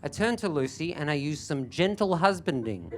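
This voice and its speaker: A man doing stand-up, telling a self-mocking story with animated, building energy. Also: on the high side, normal speed, heavy background noise. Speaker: stand-up comedian. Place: live comedy stage.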